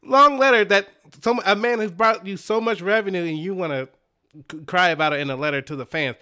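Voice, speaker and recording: A man's voice: high-pitched, a little fast, smooth. A man from Dallas co-hosting a podcast, ranting emphatically in casual chat. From Dallas, Texas. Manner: animated, emphatic ranting with laughter. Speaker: podcast co-host.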